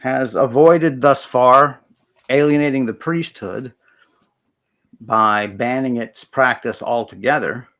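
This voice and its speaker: A man's voice: mid-range voice, takes it slowly, fairly bright tone. A man narrating a tabletop role-playing game as game master, chatty and hesitant.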